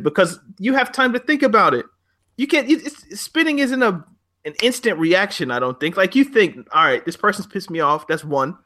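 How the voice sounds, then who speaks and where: A man co-hosting a chat show, talking bluntly and getting heated, with frequent swearing. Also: high voice. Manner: blunt, animated, swears freely. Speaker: podcast co-host.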